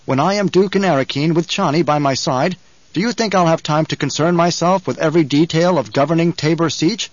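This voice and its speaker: Audiobook: man voicing a young duke, cold and commanding, raised pitch, crisp dry sound. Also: fairly quick, dry recording, dull audio, lightly acted.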